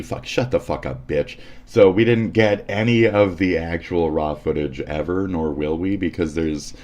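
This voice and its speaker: A man's voice: low-pitched, moderate pace, hardly any pauses, a little mellow. A man hosting a livestream, ranting in a sarcastic, profane and combative way as he comments on news clips. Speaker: livestream host.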